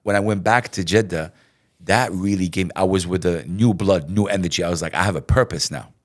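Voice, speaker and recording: A middle-aged man talks in a relaxed interview with a fairly low voice. He tells his stories in an animated way, often repeating words and acting out what others said. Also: fairly quick. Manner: animated, repeats himself, acts out quotes. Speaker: radio host, interview guest. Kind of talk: casual interview.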